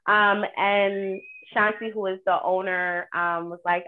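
A woman's voice: medium pitch, little pitch movement, slow pace. A woman comedian chatting casually on a podcast, telling stories animatedly and acting out her own quotes. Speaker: stand-up comedian and show producer. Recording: tinny phone-like line.

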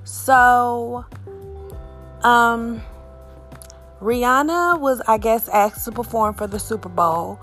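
A young adult woman giving a blunt, profane, animated opinion rant to her viewers. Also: a little high, takes it slowly, pauses often, soft background music. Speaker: vlogger.

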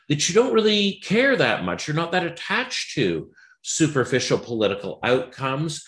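Male commentator, mid-pitched, dry wit, loose filler-heavy delivery. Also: a bit bright. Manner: wry, digressive, many ums and uhs. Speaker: political commentator. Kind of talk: unscripted political commentary monologue.

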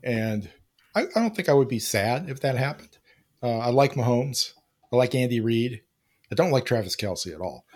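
A man co-hosting a writing podcast, talking in a thoughtful, unhurried way and searching for words. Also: medium pitch, expressive, darkish tone. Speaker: podcast co-host. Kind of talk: casual chat.

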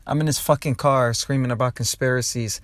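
A young man from New Jersey, a stand-up comic and podcast host, ranting loudly in a rambling, profane way from a parked car and laughing at his own jokes. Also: medium pitch, fairly even intonation, fairly quick, no room sound, studio quality. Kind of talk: rambling comedic rant.

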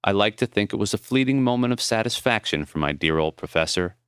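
A man reading his own memoir as audiobook narration, measured and tender. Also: lowish voice, animated, fairly bright tone, smooth, no echo, studio quality.

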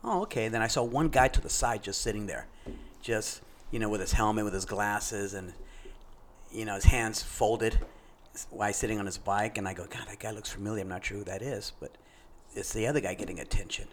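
On a podcast, a middle-aged co-host with a lowish voice talks a little fast, with a slight hiss or hum on the recording. He narrates a story casually, staying animated and imitating the voices he quotes.

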